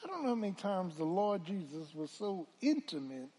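A man pastor a sermon, swinging from hushed talk to loud calls and asking the congregation to answer back. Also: sits high, very animated, moderate pace, husky. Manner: preaching with call-and-response, swelling from hushed to loud.

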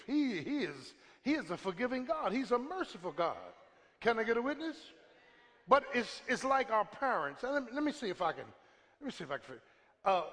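In a reverberant church sanctuary, a pastor's bright, high male voice leads call-and-response preaching and calls for a witness. His delivery rises to shouting before falling to a hush, all carried on the long reverb of a large hall.

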